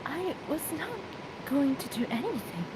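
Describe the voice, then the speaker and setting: A woman's voice: sits high, sing-song, moderate pace, darkish tone, low-quality recording. A woman voicing a timid, polite young woman who speaks formally and hesitantly, in an amateur game read-through.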